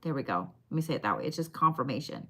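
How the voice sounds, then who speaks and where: Bright, chatty woman doing live readings. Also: very deep voice, lively intonation, rapid-fire, breathy edge. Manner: chatty, swears casually, talks straight to viewers. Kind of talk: casual live-stream reading. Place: her shop.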